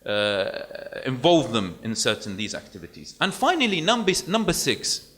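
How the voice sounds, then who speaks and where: A man preaching a sermon to a gathering, lecturing with animated delivery and acting out what parents should say. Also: mid-range voice, normal speed.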